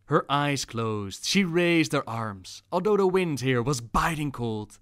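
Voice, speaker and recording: A male voice actor reading a fantasy story aloud in a measured, dramatic style. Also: medium pitch, no room sound, studio quality. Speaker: narrator, voice actor. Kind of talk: scripted story narration.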